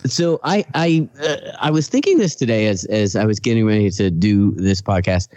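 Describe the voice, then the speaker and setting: A man's voice: lowish voice, animated, moderate pace, darkish tone, no room sound. A man hosting a casual local podcast, talking in a hesitant way with many restarts and small laughs. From Fresno, California. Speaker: podcast host. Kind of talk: casual chat.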